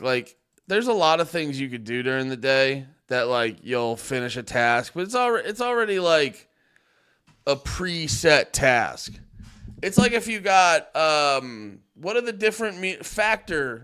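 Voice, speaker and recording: A man's voice: on the high side, a bit bright, clear, resonant tone. A man hosting a livestream, rambling casually, swearing and joking. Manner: rambling, profane, joking, laughs often. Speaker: livestream host.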